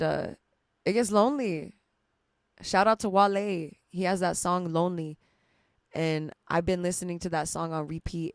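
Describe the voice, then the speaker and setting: Recorded with studio quality and no room sound, a young podcast host with a lowish voice tells a meandering personal story. She's chatty and emotional, laughing a lot and dropping casual swear words.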